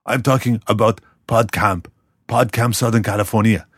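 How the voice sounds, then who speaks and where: A man putting on a commanding governor with a heavy put-on Austrian accent. He barks orders in short, broken phrases with comic menace. The voice is husky and sits dry and close. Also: lowish voice, fairly even intonation, moderate pace, no echo. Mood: bossy. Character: bossy male movie-star governor with heavy accent. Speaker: promo voice. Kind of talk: comic promo impression.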